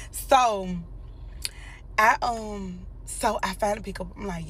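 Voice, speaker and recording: A woman's voice: mid-range voice, normal speed, a bit bright, breathy edge. Blunt profane woman storyteller. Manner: blunt, profane, talks straight to viewers. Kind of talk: casual storytime vlog.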